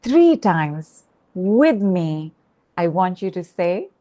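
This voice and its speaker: A woman coaching a group call, guiding a slow exercise and repeating affirmations. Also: on the low side, very animated, mellow. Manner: slow, repetitive, instructive.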